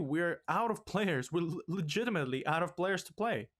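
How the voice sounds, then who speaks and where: A fairly high-voiced young man ranting over a football management game. His talk is exasperated, and it jumps up in pitch and volume whenever a mistake sets him off. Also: lively intonation, normal speed, a bit bright. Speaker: let's play host.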